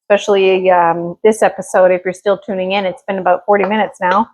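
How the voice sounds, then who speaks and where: Brief Middle-aged woman, home cooking vlogger, relaxed rambling chat full of ums and likes, mid-pitched voice. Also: brisk. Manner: rambling, chatty, many fillers. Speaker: cooking vlog host.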